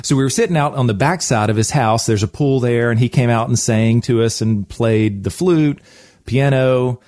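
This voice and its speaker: Animated man telling a story. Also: mid-range voice, moderate pace. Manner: animated, acts out quotes. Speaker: podcast host and financial planner. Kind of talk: casual storytelling.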